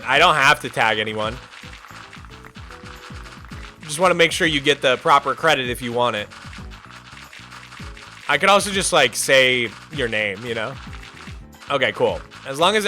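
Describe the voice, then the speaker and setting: A man's voice: a little high, bright, forceful tone. A young American man streaming and chatting casually, reading out viewer messages in a rambling way full of "like" and restarts. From United States. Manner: rambling, filler-heavy, often says "like".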